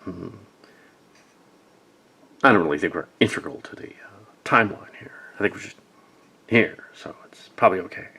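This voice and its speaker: A young man improvising deadpan voice acting for a fan-film parody, with muttered asides. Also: deep voice, normal speed, vocal fry, pauses often, husky.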